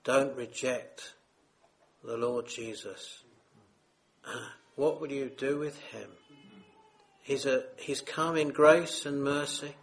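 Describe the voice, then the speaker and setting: Male preacher, unhurried sermon, earnest pleading tone, mid-pitched. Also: fairly even intonation. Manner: earnest, solemn, pleading with listeners.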